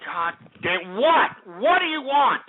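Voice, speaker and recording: A man's voice: extremely high pitch, big pitch swings, slow, slight background noise. A man hosting a call-in radio show, ranting in an exasperated way, swearing and repeating himself. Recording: tinny phone-line quality.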